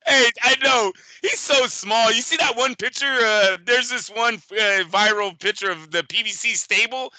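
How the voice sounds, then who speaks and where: A man co-hosting a boxing podcast in casual chat, animated and profane, often slipping into quick impressions. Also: very high-pitched, no room sound, rough recording. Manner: animated, profane, impersonates fighters. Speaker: boxing show co-host.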